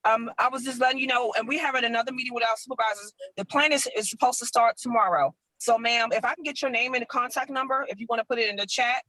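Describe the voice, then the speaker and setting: A man's voice: very high voice, fairly even intonation, fast talker, hardly any pauses, pushed and bright, no room sound, rough recording. A man working as a community policing officer, speaking politely and reassuringly with many fillers in an online meeting. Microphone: video call.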